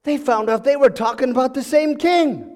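High-pitched, animated male storyteller preaching, chuckly and halting, in a reverberant hall. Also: a little hiss or hum. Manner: chuckling, repeats his words while searching for them. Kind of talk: storytelling sermon.

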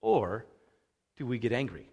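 A man preaching a conversational sermon, casual and animated, acting out the thoughts he quotes. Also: medium pitch, measured pace, vocal fry. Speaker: pastor. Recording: long reverb of a large hall.

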